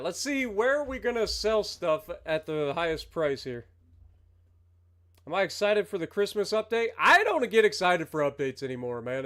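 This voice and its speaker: A man's voice: fairly high pitch, fairly bright tone. A man streaming a farming game, chatting casually with viewers while he plays. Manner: chatty, rambling, talks to chat while playing. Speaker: livestreamer. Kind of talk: casual gameplay commentary.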